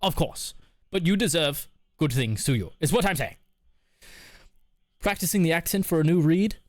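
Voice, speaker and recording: A man's voice: fairly high pitch, expressive, normal speed, dry recording, clean studio sound. A man streaming live, chatting casually and candidly with his viewers while reading their messages, laughing often. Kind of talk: casual chat.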